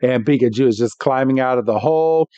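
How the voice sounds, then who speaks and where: A man co-hosting a podcast who recaps a cartoon episode in a casual, animated way and laughs as he goes. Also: medium pitch, a little fast, dry recording, muffled recording. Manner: animated, laughs while he talks. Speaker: podcast co-host.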